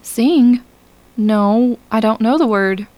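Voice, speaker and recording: A woman reading the part of a weary young alien woman from a dying race, speaking quietly and formally in an audiobook. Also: a little high, slow, no room sound. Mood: wondering. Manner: quiet, resigned, formal speech.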